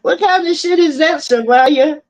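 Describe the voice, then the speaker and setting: A woman's voice: high voice, unhurried. A woman chatting on a live audio panel, protesting in a mock-offended way and drawing out her questions. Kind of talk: casual chat.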